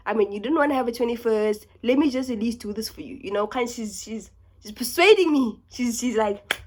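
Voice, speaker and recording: A young South African woman tells a story in a casual vlog, her voice pitched a little high. She talks fast and with lots of energy, dropping into whispers for asides. She sounds a little under the weather. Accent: South African English. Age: young adult. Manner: fast, animated, dips into whispers and laughs. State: sick. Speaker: YouTuber.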